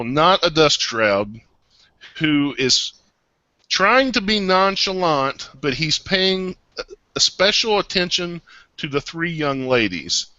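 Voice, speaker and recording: Bright-voiced man running a tabletop game. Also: fairly high pitch, no echo, lo-fi sound. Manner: casual, descriptive storytelling. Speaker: game master.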